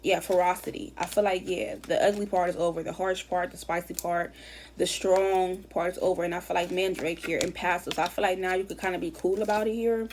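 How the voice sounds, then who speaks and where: A woman's voice: on the low side, fairly even intonation, fairly quick, a little mellow, a little hiss or hum. A woman giving a casual tarot reading, chatty and rambling, often repeating herself and dropping slang. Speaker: tarot reader.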